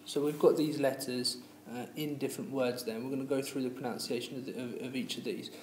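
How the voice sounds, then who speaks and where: A man's voice: mid-range voice, fairly even intonation, quick pace, darkish tone. A man teacher explaining pronunciation rules patiently, with many fillers and restarts. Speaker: language teacher. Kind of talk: classroom lesson. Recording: echoey room with faint noise.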